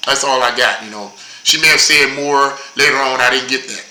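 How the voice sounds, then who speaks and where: A man's voice: medium pitch, a little fast, pushed and bright, echoey room, low-quality recording. A man giving casual political commentary as a show host, rambling and repeating words as he goes.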